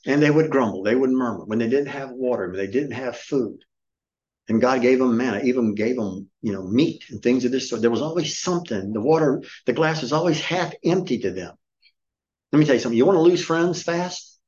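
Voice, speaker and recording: A man's voice: mid-range voice, expressive, a little fast, darkish tone, muffled recording. A middle-aged man preaching a sermon as pastor, emphatic and scolding, firing off rhetorical questions. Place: church.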